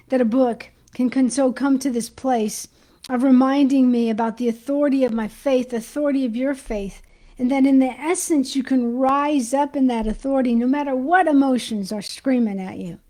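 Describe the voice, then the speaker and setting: A woman giving an informal Christian teaching, talking excitedly and chatting to her viewers while she hunts for her notes. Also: high-pitched, normal speed, poor audio. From United States.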